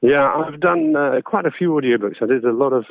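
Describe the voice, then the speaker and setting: A man's voice: medium pitch, fairly quick, gravelly, no room sound. Male narrator as guest, chatty, self-deprecating, phone-line sound, dry. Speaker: guest, voice actor and audiobook narrator. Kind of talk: casual interview chat.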